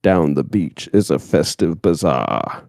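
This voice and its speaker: A man whispering in a low, slow voice as a breathy narrator, doing whispered role-play. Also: animated, dry recording, studio quality, exaggerated voice. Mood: hushed. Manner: slow, hushed tour-guide narration.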